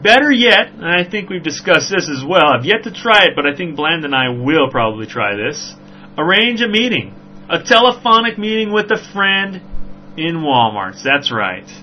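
A man hosting a podcast, telling a story in a rambling, animated way with frequent "right?" asides. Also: a little high, normal speed. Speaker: podcast host. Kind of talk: casual storytelling chat. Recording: dull lo-fi recording with faint hum.

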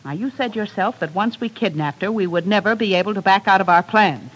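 A woman's voice: medium pitch, brisk, slight background noise, lightly acted, rough recording. An actress playing a cold, manipulative female kidnapper, in 1940s radio acting. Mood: scheming. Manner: cool, manipulative.

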